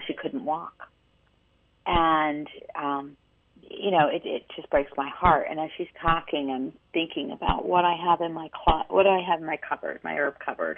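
Low-pitched woman radio co-host, animated storyteller, heard over a thin phone-like line. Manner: animated storyteller, many restarts. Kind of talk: casual radio chat, storytelling. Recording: tinny phone-line sound.

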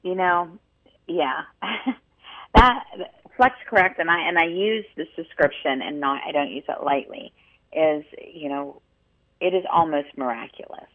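A woman co-hosting a radio talk show, telling a story in an animated way with many restarts. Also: deep voice, unhurried. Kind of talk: casual radio chat, storytelling. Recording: tinny phone-line sound.

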